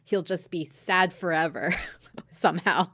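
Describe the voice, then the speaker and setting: A woman's voice: lowish voice, fairly even intonation, unhurried, sharp tone. Casual, swearing woman podcast host. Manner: loose, swears freely, laughs mid-sentence. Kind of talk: casual anime recap chat.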